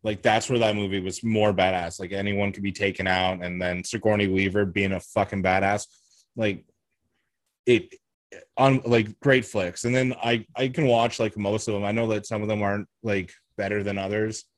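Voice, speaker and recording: A man with a fairly low voice, chatting casually on a podcast. He rambles and hesitates, circling back through fillers as he works out his point, and the sound is dry and close. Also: level tone, moderate pace, no room sound. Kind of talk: casual chat.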